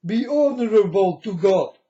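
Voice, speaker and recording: A man with a high but mellow voice lectures slowly, preaching at his viewers and pressing them over and over. The sound is dull and lo-fi, with a roomy echo. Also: animated. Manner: lecturing, repeats "folks" and "you understand". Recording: echoey room, dull lo-fi sound.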